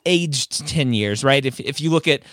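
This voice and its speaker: A man's voice: mid-range voice, lively intonation, normal speed, a bit bright, no echo. A man hosts a casual advice podcast, his voice in the middle of the male range and recorded dry, close and free of room sound. He talks emphatically, stacking up rhetorical questions to press a point home. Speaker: podcast host and admissions advisor.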